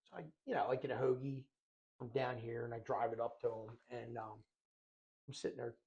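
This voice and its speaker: A man's voice: mid-range voice, brisk, highs cut off. A middle-aged man telling a story in casual podcast chat, acting out voices and often laughing. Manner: animated storyteller who breaks into laughter, acts out voices. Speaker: podcast co-host.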